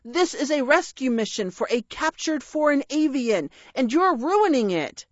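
A woman's voice: fairly high pitch, very animated, slow pace, no echo, highs cut off. A woman voicing an earnest, bumbling young male dragon who speaks in a flustered, grandly heroic way in an audiobook reading.

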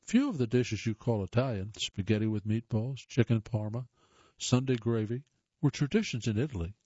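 A talking tomato tells its own story, voiced by a man reading aloud. The tone is mellow and relaxed. The sound is dry and slightly muffled. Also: mid-range voice, moderate pace, husky, no room sound. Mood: chatty. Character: talking tomato narrating its history. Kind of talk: read-aloud first-person piece.

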